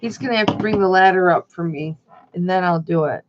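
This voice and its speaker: A middle-aged woman hosts a casual livestream chat, reading viewer comments aloud in a brisk, lowish voice. The recording sounds dull and lo-fi.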